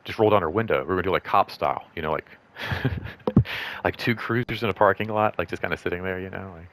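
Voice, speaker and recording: A man's voice: fast, a bit bright. A middle-aged man telling a personal story in a casual, rambling way, full of fillers, sometimes acting out what others said. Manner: acts out quoted voices in higher pitch. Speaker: host.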